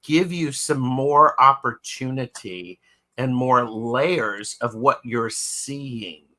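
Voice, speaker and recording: A man's voice: medium pitch, takes it slowly, sharp tone. A man co-hosting a live tarot show, chatting casually and reading out viewer comments. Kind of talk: casual chat on a live stream.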